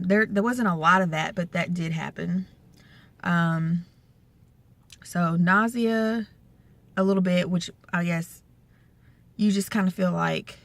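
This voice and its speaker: A young woman in a relaxed vlog monologue, her voice sitting a little low. She rambles along chattily, packing her talk with fillers and side remarks. The sound is dry and close, with no room around it. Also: dry recording. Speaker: vlogger.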